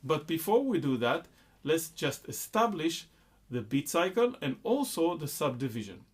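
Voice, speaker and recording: A man's voice: a little high, big pitch swings, normal speed, husky. A man patiently explaining a rhythm exercise, counting beats and chanting syllables between explanations. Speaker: music teacher. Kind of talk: rhythm lesson with sung syllables.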